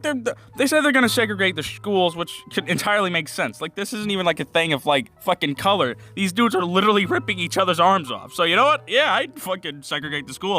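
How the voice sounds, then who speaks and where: Animated young man ranting about a show. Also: sits high. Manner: rambling, swears a lot, laughs often. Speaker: anime reviewer. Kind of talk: casual profane reaction commentary. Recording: faint music behind.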